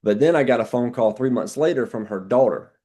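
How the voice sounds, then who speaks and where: A man's voice: mid-range voice, expressive, brisk, mellow. A man, telling a blunt, folksy sales story on a team call, quoting his own dialogue with many restarts.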